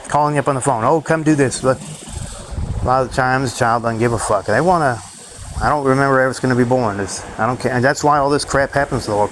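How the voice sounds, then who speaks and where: A man's voice: mid-range voice, slight background noise, low-quality recording. A man ranting in a rambling, profane monologue to his own channel, drifting from thought to thought. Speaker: vlogger.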